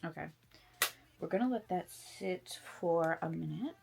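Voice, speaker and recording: A woman in her twenties rambling casually while doing her makeup at home, self-deprecating and animated. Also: fairly low pitch, a little slow, gravelly, over music. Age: 20s. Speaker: beauty content creator. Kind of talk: casual get-ready-with-me chat.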